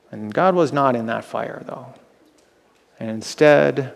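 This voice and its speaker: A man's voice: mid-range voice, measured pace, gravelly, pauses often, big-room sound. A male pastor preaching a sermon, retelling scripture dramatically and asking the listeners rhetorical questions.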